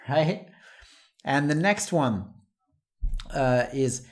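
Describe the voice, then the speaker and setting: An English teacher giving a lesson to learners, saying each example phrase slowly and more than once, with light chuckles between points. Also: mid-range voice, lively intonation. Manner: slow and deliberate, repeats each phrase as an example.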